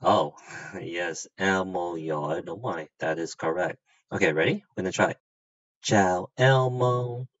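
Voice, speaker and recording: A male teacher giving a children's language lesson, patient and gently amused, drilling sounds to repeat. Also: low voice, normal speed, husky, no room sound, lo-fi sound.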